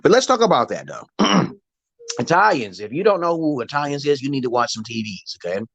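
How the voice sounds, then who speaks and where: Middle-aged male stream host, rambling and profane, lively swooping pitch, dry close phone sound. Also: moderate pace, gravelly, dry recording, dull audio. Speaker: livestream host. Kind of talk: rambling live-stream monologue.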